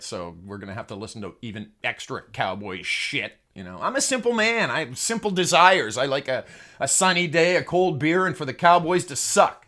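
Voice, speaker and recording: A man's voice: mid-range voice, fairly bright tone. A man hosting a comedic sports monologue, crude and sarcastic, who swears freely and chuckles at his own jokes. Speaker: host.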